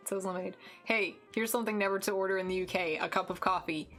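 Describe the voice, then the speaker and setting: A woman's voice: mid-range voice, fast, a bit bright, soft background music. A young American woman streaming, chatting casually while she draws, rambling with lots of fillers and restarts. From United States. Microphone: desk mic with headphones.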